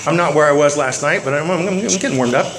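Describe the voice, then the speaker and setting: A man sharing his recovery story with self-mocking humor, animated and full of repeated words and restarts. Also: fairly high pitch, fast, background noise.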